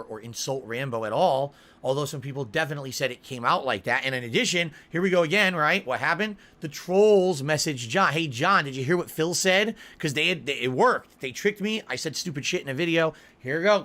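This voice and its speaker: A man's voice: mid-range voice, sharp tone. A man in a heated, insistent monologue, ranting and repeating words for emphasis. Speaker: online video creator.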